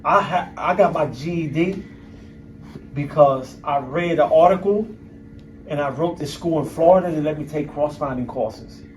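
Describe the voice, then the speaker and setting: Middle-aged guy telling it straight to a crowd, slightly higher voice, mic kinda far off in a lecture room. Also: moderate pace, a little mellow. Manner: blunt, streetwise, emphatic with profanity. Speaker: guest speaker. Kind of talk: candid storytelling talk to an audience. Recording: voice picked up from a distance.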